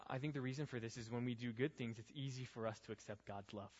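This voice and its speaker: A man's voice: mid-range voice, quick pace, darkish tone, husky. Earnest young male youth pastor preaching. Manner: earnest, rising to pleading rhetorical questions. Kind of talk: youth group sermon. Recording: dull, reverberant hall sound.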